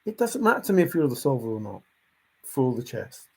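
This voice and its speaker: A man's voice: mid-range voice, very animated, fast, darkish tone, husky. A man vlogger giving an emphatic, repetitive casual monologue, chuckling to himself now and then.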